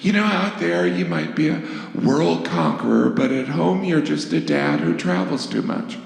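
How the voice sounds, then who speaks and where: A sweetly calm, pointed ancient wife who keeps her warlord husband in line, put on by a male comedian. Her voice lifts high with a lively swing. It rings out in a roomy, reverberant hall. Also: normal speed, creaky. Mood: dry. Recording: echoey hall with distant pickup.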